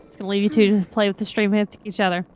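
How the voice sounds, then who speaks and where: A woman's voice: medium pitch, little pitch movement, racing, a little mellow, faint music behind. A woman on a gaming livestream who reads the game's lines aloud, laughs often and swears freely. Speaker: co-streamer reading game dialogue aloud. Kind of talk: casual chat and reading game lines.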